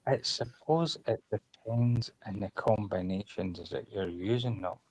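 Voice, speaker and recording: A man's voice: on the low side, measured pace, a little mellow, slightly rough, low-quality recording. A man in casual group chat, chatty and laughing as he retells a comedy scene. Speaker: chat participant.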